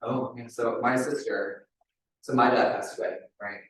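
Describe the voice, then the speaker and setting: A man's voice: medium pitch, fairly even intonation, measured pace, fairly bright tone. Man, wellness coach, live group demonstration, casual chatty delivery, very echoey room, mic far away. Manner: chatty, ends many phrases with "right?".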